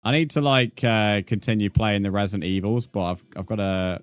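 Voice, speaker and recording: A young streamer with a fairly low, smooth voice talks briskly and with fairly even intonation while gaming. He chats casually, reading out and answering his viewers' messages and laughing often.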